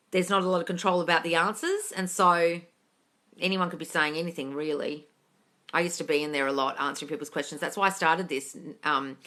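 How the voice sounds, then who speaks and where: A woman's voice: fairly low pitch, fairly bright tone. A woman hosting a live question-and-answer stream as a coach, blunt and emphatic, swearing freely as she answers viewers. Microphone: phone or computer mic for a live stream.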